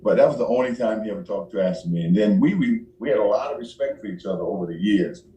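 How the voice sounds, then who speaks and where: Man, former player, amused storyteller, deep mellow voice, echoey room. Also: lively intonation, quick pace. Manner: amused, laughs often through the story. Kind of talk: casual anecdote on a talk show.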